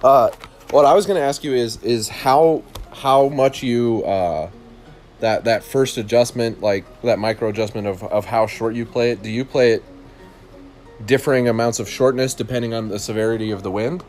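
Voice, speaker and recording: A man co-hosts a relaxed chat, his voice sitting in an ordinary middle pitch. He asks questions haltingly, stumbling through fillers and restarts before he gets to the point. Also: soft background music. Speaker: co-host. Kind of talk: casual chat.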